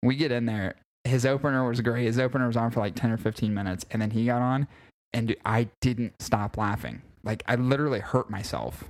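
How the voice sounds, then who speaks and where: A man's voice: mid-range voice, fairly quick. A young man co-hosting a podcast, telling a long rambling story in casual chat and leaning on "like" between phrases. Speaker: podcast co-host.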